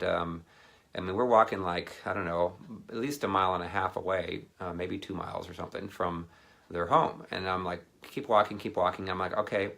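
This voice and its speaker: A male ministry speaker, voice low and gravelly, wanders through a personal anecdote in an easygoing sermon. The delivery is loose and full of asides and fillers, with lively impressions when he quotes others.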